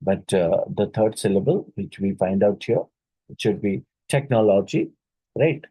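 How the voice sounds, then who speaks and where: Teacher, male, Indian English accent; slow lecture delivery with repeated terms and fillers, dry recording. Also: fairly low pitch, dark tone, breathy edge, no echo, low-quality recording. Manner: slow, repeats key words, many fillers. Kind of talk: exam question-and-answer lecture.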